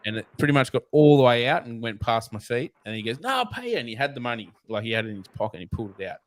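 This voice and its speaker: A man's voice: medium pitch, racing, no echo. An Australian man, a snake catcher guest, telling blunt, profane, rambling stories in a casual interview.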